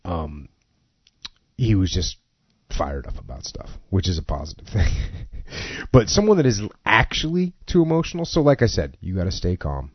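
A man's voice: low voice, wildly swooping pitch, moderate pace, breathy edge, no room sound, lo-fi sound. A man hosting a podcast in casual chat, talking earnestly and laughing between thoughts.

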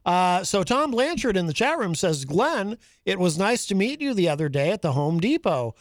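A man's voice: high-pitched, big pitch swings, moderate pace, no room sound. A man hosting a talk show in a studio, chatting with guests, reading listener messages aloud and laughing often. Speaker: radio talk show host. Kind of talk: casual studio banter.

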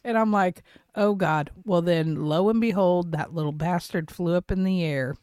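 A woman's voice: lowish voice, normal speed, mellow, clean tone, no room sound, clean studio sound. A middle-aged woman co-hosting a podcast, telling a story in casual chat, swearing freely and laughing often. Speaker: podcast co-host.

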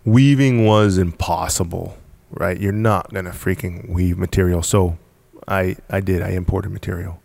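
A man's voice: low-pitched, fairly even intonation, normal speed, vocal fry, hardly any pauses, darkish tone, no echo. A man from the United States, a podcast guest, telling his story bluntly and casually, swearing now and then and laughing between points. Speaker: podcast guest, apparel company founder.

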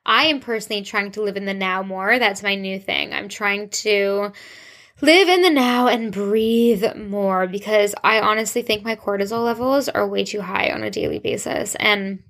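A woman's voice: mid-range voice, moderate pace, fairly bright tone. A young woman hosting her own podcast, giving a casual, gushing solo update with lots of rambling and "like". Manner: bubbly, gushing, rambling with frequent "like". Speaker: podcast host.

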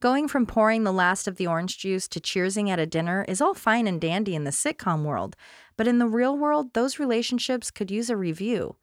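A woman's voice: medium pitch, lively intonation, fairly quick, dry recording, clean studio sound. A woman hosting a podcast, reading wry scripted commentary and chatting casually with lots of laughter. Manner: wry, conversational, laughs often. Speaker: podcast host.

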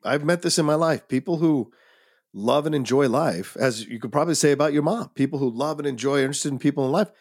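A man's voice: a little high, fast talker. A male podcast co-host in casual film discussion, thinking aloud and reflecting on characters.

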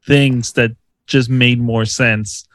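A man co-hosting a podcast, talking haltingly with lots of fillers. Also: mid-range voice, steady tone, fairly bright tone, no echo. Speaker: podcast co-host. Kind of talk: casual chat.

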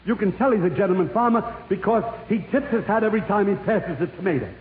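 A man's voice: high voice, fast talker, slight background noise. A man doing a stand-up comedy routine for an audience, explaining an opera with mock seriousness and chuckling at his own punchlines. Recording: tinny echoey old radio broadcast.

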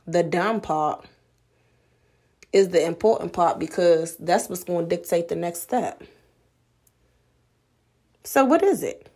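A woman's voice: on the low side, a little mellow. A woman podcast host giving a blunt, profane motivational monologue full of rhetorical questions.

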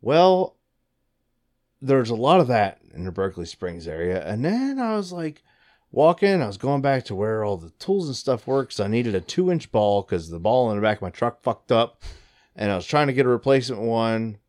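Animated, profane storytelling man. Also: moderate pace. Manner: animated, profane, jumps into high excited voices for quotes. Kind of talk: casual storytelling chat.

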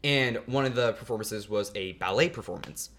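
A man's voice: fairly low pitch, moderate pace, a bit bright. Rambling teenage boy guest. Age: teens. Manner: rambling, many fillers. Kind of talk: casual storytelling.

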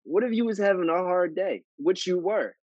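A man with a husky voice hosts a casual podcast and teases his guest with slangy jokes. The sound is dry and close, with no room around it. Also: high voice, normal speed, darkish tone, dry recording, muffled recording. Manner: joking, teasing questions, slangy. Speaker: podcast host. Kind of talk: casual chat.

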